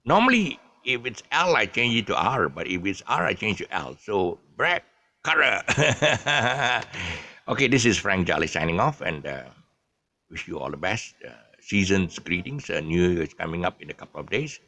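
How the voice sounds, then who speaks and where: Low-voiced Malaysian man, rambling chat. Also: sing-song, moderate pace, bright, forceful tone, no room sound. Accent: Malaysian English. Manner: rambling, full of ums and restarts, jokey. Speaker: vlogger. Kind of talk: casual monologue explaining local slang.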